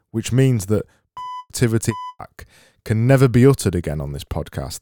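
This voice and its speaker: Low-voiced podcast host, dry humour. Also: male voice, dark tone. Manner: dry, self-mocking, reads listener messages. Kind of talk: casual solo podcast chat.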